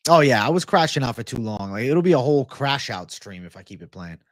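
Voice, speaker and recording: A man hosting a live stream, relaxed as he reads and answers viewer chat. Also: medium pitch, fast talker, no echo, clean studio sound. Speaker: livestream host.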